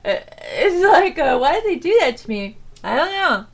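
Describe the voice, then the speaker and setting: A woman hosting her own podcast, telling stories from her old job in a rambling, animated way, full of restarts and "you know"s. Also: high voice, normal speed, creaky. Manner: animated, swinging from loud to soft. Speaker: podcast host. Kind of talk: casual storytelling monologue.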